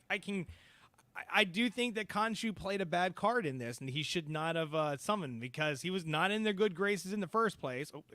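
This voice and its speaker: A man's voice: high-pitched, pushed and bright, dry recording. A man co-hosting a podcast, chatting casually about a TV episode with many fillers and restarts. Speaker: podcast co-host. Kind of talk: casual episode review chat.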